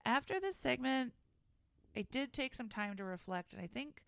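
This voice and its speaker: A woman co-hosting a podcast, making dry, deadpan jokes in casual chat. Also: fairly high pitch, moderate pace, vocal fry, clean tone, no echo. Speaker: podcast co-host.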